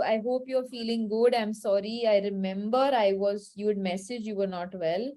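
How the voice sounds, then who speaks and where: A woman's voice: fairly high pitch, darkish tone. A woman teaching a French lesson to children, patiently repeating each phrase with its translation and checking understanding.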